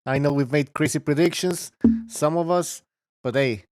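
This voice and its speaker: A man's voice: a little high, moderate pace, no echo, studio quality. A man hosting a boxing podcast, loose and joking as he steers the show. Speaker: podcast host. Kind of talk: casual boxing chat, wrapping up show.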